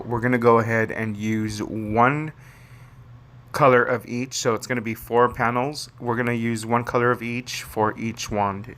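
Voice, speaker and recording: Low-voiced male craft host, chatty and rambling. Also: fairly bright tone. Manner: chatty, rambling, fond of pet phrases. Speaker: papercraft tutorial host. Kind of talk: casual step-by-step craft demo.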